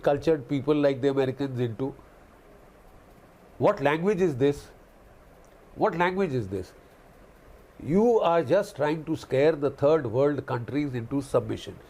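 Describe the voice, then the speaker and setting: A man's voice: on the high side, a little mellow. A man giving impassioned commentary on a news broadcast, indignant and lecturing, often repeating phrases for emphasis. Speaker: guest commentator on a news channel.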